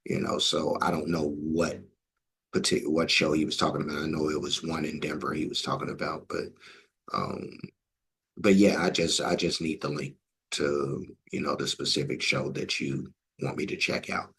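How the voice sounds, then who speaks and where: Deep gravelly reaction host. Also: male voice, moderate pace, rough recording. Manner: relaxed and rambling, with many fillers. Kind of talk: casual commentary.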